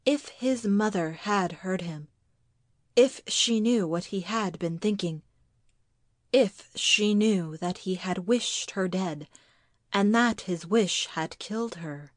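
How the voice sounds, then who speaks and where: A woman reading a literary ghost story aloud at an unhurried pace, measured and deliberate. Her pitch sits in a middle range, and the recording is dry and close with no room sound. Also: dry recording.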